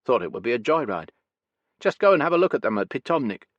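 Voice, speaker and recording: A man's voice: mid-range voice, big pitch swings, fast talker, no echo, highs cut off, voice pushed up. A man voicing a boyish young Red Army soldier who talks in a scornful, chatty way in an audiobook.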